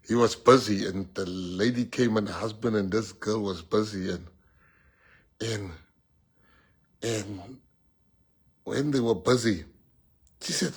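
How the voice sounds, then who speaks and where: A man's voice: on the low side, slow pace, pauses often, breathy edge. A man with a South African accent giving a rousing, joking political speech and switching languages.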